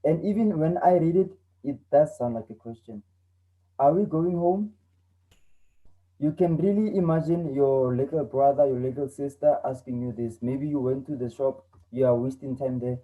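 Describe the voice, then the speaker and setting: A man's voice: mid-range voice, normal speed, hardly any pauses, phone-quality sound. A young man teaching an online English lesson to teenagers, earnest and repeating himself as he explains. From South Africa.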